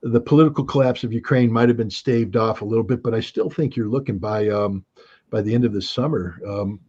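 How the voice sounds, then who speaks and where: A man's voice: medium pitch, dark tone, slightly rough, muffled recording. A man speaking as a guest commentator on a geopolitics livestream, blunt, sardonic and emphatic in his delivery.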